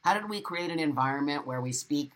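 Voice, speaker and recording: A man's voice: on the high side, expressive, fast talker, fairly bright tone. A middle-aged man hosting a live stream, reading viewer comments aloud and giving blunt, motivational advice with lots of repetition and the odd swear word. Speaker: livestream host.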